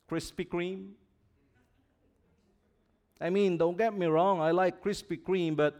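His voice is high-pitched, a little mellow, and clean as this male pastor delivers a sermon. In a slow, building preacher style, he prompts the congregation to say words back and pushes his voice up and down for emphasis.

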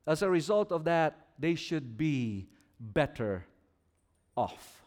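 Slow-preaching pastor, a man. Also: a little high, very animated, darkish tone. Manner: slow, swelling preacher delivery with call-and-response. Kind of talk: sermon.

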